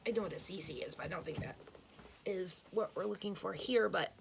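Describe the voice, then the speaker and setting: Slightly fast and creaky, this woman's mid-range voice comes with slight background noise. As a tarot reader, she offers an earnest, intuitive reading straight to the listener, thinking aloud with repeated phrases and self-corrections.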